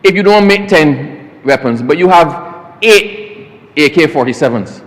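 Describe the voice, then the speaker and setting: A man's voice: a little high, expressive, unhurried. A Barbadian man, a government minister, giving a formal parliamentary speech that keeps addressing the chair as sir and slips into folksy stories. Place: parliament chamber. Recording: long reverb of a parliament chamber.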